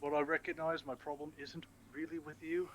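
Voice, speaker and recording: A man's voice: on the high side, little pitch movement, a little fast, slight background noise. A man playing a tabletop game, teasing and playful in casual chat. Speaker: player.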